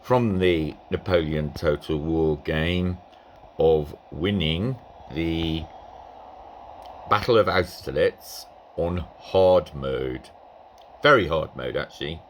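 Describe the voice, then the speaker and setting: A man's voice: a bass voice, slow pace, a little hiss or hum. A man casually commenting over a recording of a strategy game, rambling and hesitant with many ums and asides. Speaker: gameplay commentator.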